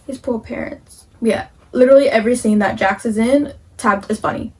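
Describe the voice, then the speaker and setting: A woman's voice: fairly high pitch, moderate pace, darkish tone, a little hiss or hum, rough recording. A teenage girl chatting casually in a reading vlog, gushing and dramatic about a book. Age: teens. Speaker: reading vlogger.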